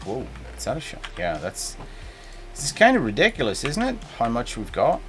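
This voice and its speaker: A man's voice: mid-range voice, wildly swooping pitch, moderate pace, fairly bright tone, faint music behind. A man chatting and joking casually while streaming a game. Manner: joking, rambling, playful. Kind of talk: casual gameplay stream chat.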